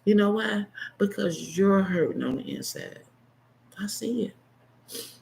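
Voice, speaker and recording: A man in his fifties delivering an unscripted, emotional monologue as a vlogger, blunt and impassioned, swinging between heated outbursts and hushed, choked-up asides. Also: sits high, animated, a little slow, creaky, slight background noise, rough recording. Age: 50s.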